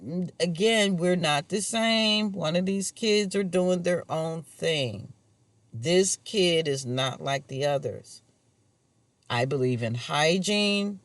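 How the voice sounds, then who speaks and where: A man's voice: a little high, lively intonation, takes it slowly, a bit bright, dry recording. A man talking to camera in a rambling personal monologue, casual and musing, chuckling to himself now and then. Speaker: vlogger.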